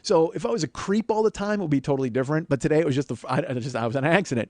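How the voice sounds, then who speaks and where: Talking very fast with few pauses, the forties-aged host uses a high-leaning, slightly mellow voice captured in dry, studio-quality audio. He delivers a comedic storytelling monologue on his podcast, meandering, self-mocking and profane.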